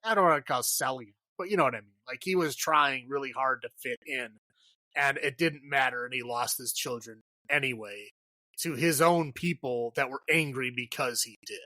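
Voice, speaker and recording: A man's voice: medium pitch, normal speed, sharp tone, no room sound. A man co-hosting a podcast, chatting loosely about a film, swearing and laughing often. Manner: loose and profane, laughs often, many "like" fillers. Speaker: podcast co-host. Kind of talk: casual movie review chat.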